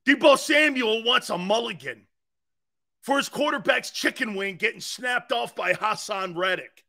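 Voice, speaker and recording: A sports-talk man with a very high, bright voice who rants slowly, mocking and shouting in bursts. He laughs at his own jokes between quieter asides. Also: creaky.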